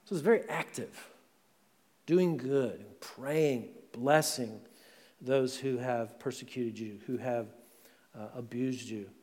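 A male pastor speaks slowly in a medium-pitched, slightly mellow voice, preaching in a conversational style and frequently asking "right?". The sermon is recorded in a church sanctuary with long reverb.

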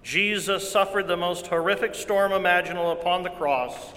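Pastor in a long-echoing hall. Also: male voice, sits high, normal speed. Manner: earnest preaching with repeated phrases, swings from loud to hushed. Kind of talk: sermon.

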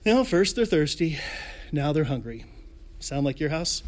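A male pastor delivering an online sermon in a high, lively voice that leaps up and down in pitch. He tells the story playfully, tosses in pop-culture jokes and chuckles between lines. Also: a little fast.

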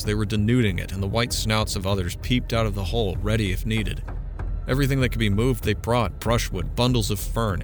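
A man's voice: fairly low pitch, lightly acted. A man reading an audiobook, voicing a haunted, defiant young man who recounts his ordeal with intense urgency.

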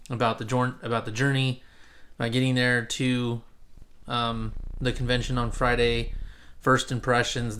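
A man hosting a casual podcast, talking at a middling pitch. He rambles along, full of ums and restarts. He is from Central California. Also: a bit bright. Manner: rambling, many fillers and restarts. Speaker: podcast host. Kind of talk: casual chat.

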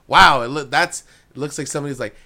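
A man co-hosting a casual podcast chat about a TV show, excited and laughing often. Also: on the high side, fast talker, vocal fry, crowd noise. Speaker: podcast co-host.

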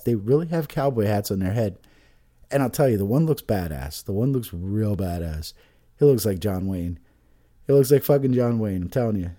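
A profane man hosts a comedic news read, his voice mellow and dark. His pitch swings widely between sarcastic asides, and he keeps mumbling half to himself between lines. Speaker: host reading news stories. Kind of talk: casual comedic news commentary.

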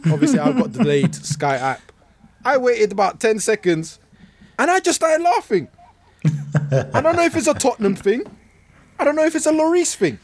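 A man hosting a football podcast in casual, mocking, jokey banter. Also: very high voice. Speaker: podcast host.

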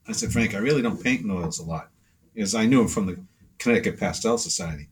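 This interview guest, a pastel artist, has a deep voice with a breathy edge and talks briskly. His casual stories ramble, full of fillers, and he acts out what others said.

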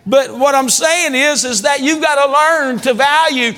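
A pastor with a very high voice preaches to his congregation, drawing call-and-response amens and swelling into shouts. His words ring out with a long reverb through a large church hall. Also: unhurried, hardly any pauses. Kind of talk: sermon.

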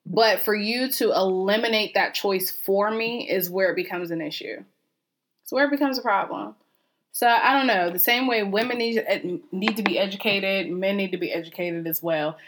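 A woman's voice: mid-range voice, moderate pace, fairly bright tone. A young woman co-hosting a podcast, talking bluntly and candidly in casual chat, swearing freely. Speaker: podcast co-host.

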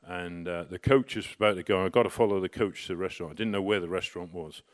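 A middle-aged man telling a personal story in a casual, anecdotal way, animated and full of restarts. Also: low voice, fast talker. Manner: animated, with restarts and bursts of excitement. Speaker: storyteller recounting personal experience.

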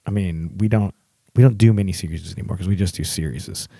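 A man's voice: deep voice, fast, creaky, warm tone, breathy edge, no room sound, studio quality. A man co-hosting a podcast in casual, rambling, enthusiastic chat with crude jokes. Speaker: podcast co-host.

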